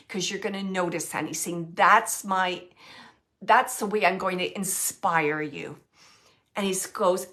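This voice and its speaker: A woman working as a medium, giving a spontaneous spirit reading in a soft, tender, halting way as she searches for words. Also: mid-range voice. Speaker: psychic medium.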